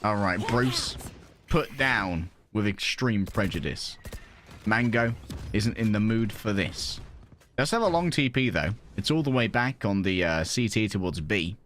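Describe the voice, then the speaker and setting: Lively English man casting esports. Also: lowish voice, a little slow, a little hiss or hum. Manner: jokey, playful asides. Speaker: esports caster. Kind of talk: play-by-play esports commentary.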